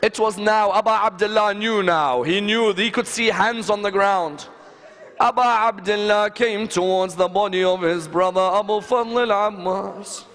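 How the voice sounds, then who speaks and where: A man preaching a sermon, retelling a story as a slow, lamenting, dramatic recitation with sighs. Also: high voice, a bit bright. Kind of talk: emotional religious sermon narration. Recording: long hall reverb.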